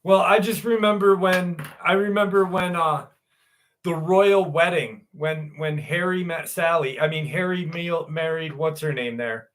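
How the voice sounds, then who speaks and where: A male livestream host with a fairly high, bright and forceful voice. He rambles, jokes and laughs at himself in loose chat, then reads viewer stories aloud. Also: steady tone, unhurried.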